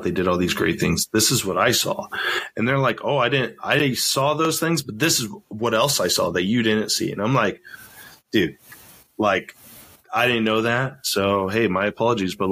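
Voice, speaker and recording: A man's voice: fairly low pitch, a bit bright. A man hosting a casual podcast chat, rambling and laid-back, with lots of "like" and "you know". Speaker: podcast host.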